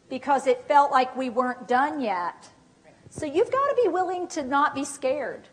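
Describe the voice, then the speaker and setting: A woman leading a dementia care training, lively and direct, coaching her audience with questions and prompts. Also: high voice, unhurried. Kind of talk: live training workshop. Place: training room. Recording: echoey hall.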